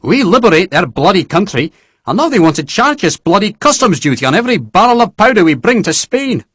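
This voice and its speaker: A man's voice: mid-range voice, very animated, moderate pace, a bit bright, slightly rough, no echo, clean studio sound. A man doing a blustering old general. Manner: blustering, profane. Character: gruff old male general, blustering and crude.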